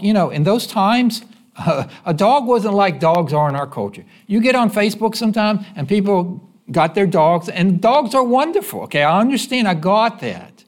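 A man preaching a sermon in church, folksy and conversational, pausing to have the congregation finish his sentences. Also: sits high, big pitch swings. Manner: asks the congregation fill-in-the-blank questions; conversational, folksy, with quick repeats. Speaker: pastor.

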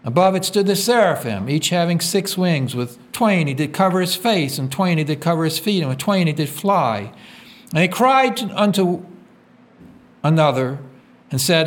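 Lively-pitched preacher man. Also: normal speed. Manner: call-and-response questions, reads scripture aloud; swings from loud emphatic peaks to quiet low drops. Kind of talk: sermon.

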